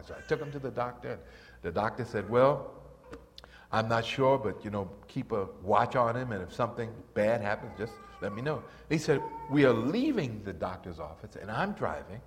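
An older man preaching a sermon and telling stories, swinging from soft and low to high and loud when excited. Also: normal speed, slight background noise. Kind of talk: sermon with storytelling. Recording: reverberant church hall.

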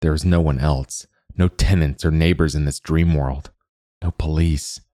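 Very deep-voiced male story narrator. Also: steady tone, unhurried, warm tone, no echo, studio quality. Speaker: podcast host and story narrator. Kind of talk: scripted narration of a short story.

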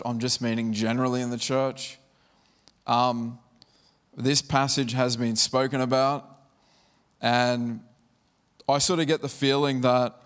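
A man's voice: mid-range voice, fairly bright tone. A man preaching a conversational sermon, reading scripture aloud and then explaining it. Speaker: pastor.

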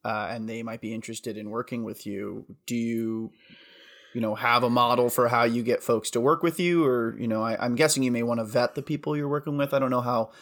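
Mid-pitched man asking careful questions. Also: steady tone, fairly bright tone. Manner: measured, careful questions with fillers. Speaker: podcast host. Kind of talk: podcast interview.

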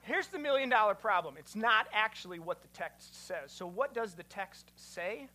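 A man, a pastor, giving an animated teaching sermon and quizzing his listeners. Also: high-pitched, normal speed, a little hiss or hum.

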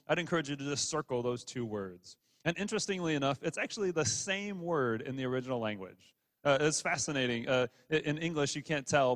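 A man preaching a sermon in a conversational way, often repeating words and restarting sentences. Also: fairly high pitch. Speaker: pastor. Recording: long hall reverb.

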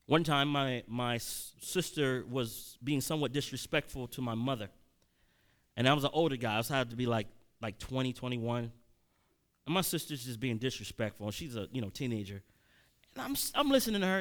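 A man, likely in his thirties, preaching a sermon as a personal story, conversational with sudden loud emphatic peaks and frequent restarts. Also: mid-range voice, lively intonation, brisk.

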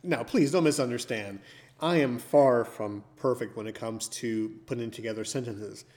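A man's voice: mid-range voice, normal speed, a little mellow. A man from the northern US with a stutter, a podcast co-host who tells jokey stories in casual chat. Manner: joking, storytelling.

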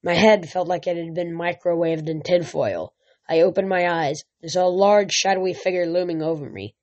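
A reader narrating a fantasy novel aloud at home, stumbling and restarting words often, in a dull lo-fi recording. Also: medium pitch. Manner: reads with frequent slips and restarts. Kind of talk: amateur audiobook reading.

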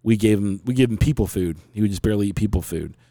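A man's voice: lowish voice, fast, dark tone, no echo, studio quality. A man in his forties, hosting a podcast and earnestly telling a long, rambling personal story in casual conversation.

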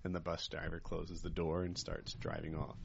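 Gravelly low-voiced man telling jokes. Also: completely flat delivery, moderate pace. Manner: rambling joke-telling with loud laughs. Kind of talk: casual chat among friends. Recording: dull lo-fi recording with faint noise.

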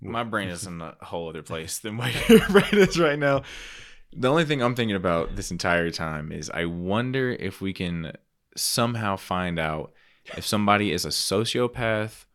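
A man with a very deep voice co-hosts a podcast in casual chat. He asks dry, probing questions in an even, questioning way. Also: normal speed. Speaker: podcast co-host.

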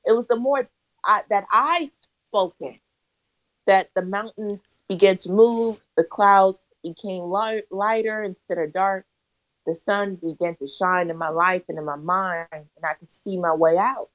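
A woman's voice: mid-range voice, unhurried. A woman guest on an interview, telling her story in an earnest, emphatic way with a preacher-like cadence. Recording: slightly dull lo-fi audio.

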